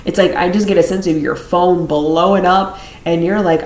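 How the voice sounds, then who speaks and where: A woman's voice: fairly low pitch, fairly even intonation, normal speed, hardly any pauses, darkish tone. A woman giving a casual tarot reading to camera, rambling and repeating phrases, often laughing between thoughts. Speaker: tarot reader. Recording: roomy echo.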